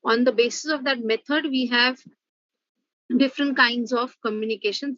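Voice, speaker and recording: A woman's voice: fairly high pitch, steady tone, normal speed, a bit bright, no echo, dull audio. A woman professor giving an online revision lecture, explaining step by step with the odd "uh" and "okay".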